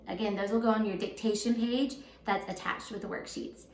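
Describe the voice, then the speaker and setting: A woman teaching first graders a recorded home lesson, patient and slow, sounding words out syllable by syllable. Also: mid-range voice, fairly even intonation, slight background noise. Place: home room. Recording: roomy echo, voice a bit far from the mic.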